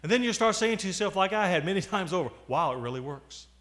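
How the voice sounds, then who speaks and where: A man in his forties preaching a sermon, moving from loud appeals to quiet asides. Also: high voice, lively intonation, quick pace. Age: 40s.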